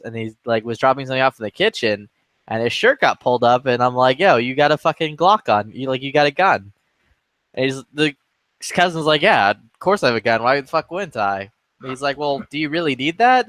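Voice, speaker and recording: Chill gamer dude rambling a story, cussing a lot, doing everyone's lines, dry close sound. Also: male voice, medium pitch, fairly bright tone, dry recording. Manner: rambling storyteller, acts out quotes, swears freely. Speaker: gaming streamer. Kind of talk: casual chat in a game lobby.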